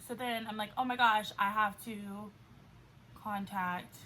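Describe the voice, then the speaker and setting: Her voice is medium-pitched, steady and unhurried as this twenty-something vlogger chats to camera about something personal, saying "like" constantly. Faint background noise hums behind her, and the recording level keeps dropping in and out.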